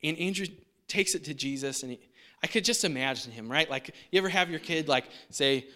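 A man's voice: fairly high pitch, fairly quick, sharp tone. A man preaching a sermon in a casual, chatty way, often asking "right?". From United States. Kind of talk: conversational sermon.

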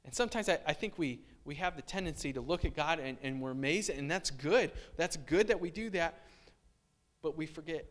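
A pastor preaching a sermon in a casual, animated way, often restarting his sentences as he explains scripture. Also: on the high side, fairly quick.

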